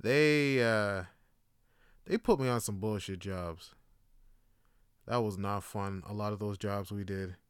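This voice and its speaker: Profane young man, smooth voice. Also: on the low side, slow, pauses often, no room sound, studio quality. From Canada. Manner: profane, rambling, laughing storytelling. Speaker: podcast host. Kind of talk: casual monologue.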